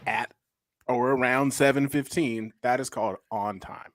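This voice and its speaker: A man's voice: mid-range voice, fairly even intonation, unhurried, a bit bright, no room sound. A man co-hosting a casual live stream over a video call, teasing and easygoing, bantering with the chat. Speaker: co-host.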